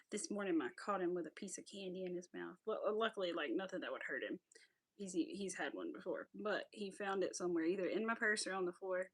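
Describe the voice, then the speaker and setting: A chatty woman, talking casually while she crochets on a livestream. Her voice has a gravelly fry, and she laughs often and drops to a whisper when counting stitches. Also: lowish voice. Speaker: craft livestream host.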